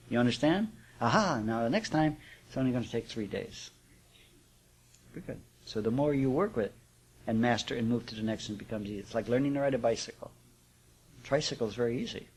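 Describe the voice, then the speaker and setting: A man's voice: mid-range voice, slightly rough. A man giving a live spiritual class talk to an audience, speaking conversationally with rhetorical check-ins and chuckles. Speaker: spiritual teacher.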